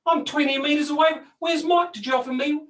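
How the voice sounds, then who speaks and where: A man voicing a talking tree that complains loudly and indignantly that nobody brought it water. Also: fairly even intonation, fast talker, far from the mic. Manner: complaining, high and loud.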